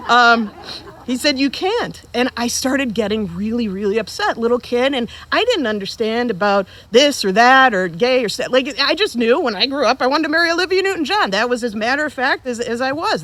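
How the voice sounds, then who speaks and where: Delivering her father's eulogy to the crowd at his funeral service, this daughter in her forties jokes her way through it. Her voice sits on the high side with a slight brightness, and her storytelling is humorous and conversational.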